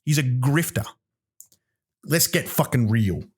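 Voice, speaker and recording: A man's voice: mid-range voice, expressive, slow pace, a little mellow, breathy edge. An Australian man hosting a podcast, delivering an angry comedic rant full of swearing and emphatic restarts. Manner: profane, heated, emphatic with many restarts. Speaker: podcast host.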